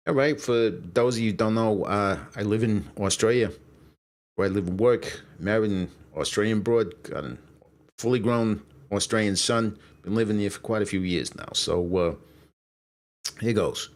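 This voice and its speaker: A man's voice: fairly low pitch, normal speed. Rambling, profane male streamer. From Brooklyn, USA. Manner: rambling, profane, lots of fillers. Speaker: streamer and show host. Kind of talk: casual livestream chat.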